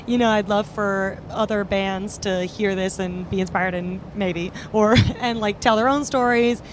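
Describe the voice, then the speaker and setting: A woman in a moving van, telling a story in an upbeat, filler-laden way at a mid pitch. Clear road rumble runs under her voice throughout. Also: steady tone, measured pace. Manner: chatty, upbeat, with frequent fillers. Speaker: podcast host and band member. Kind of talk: casual storytelling chat.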